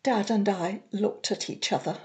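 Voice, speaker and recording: A woman reading a story aloud in a measured, plain storytelling manner. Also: mid-range voice. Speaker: reader. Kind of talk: audiobook narration.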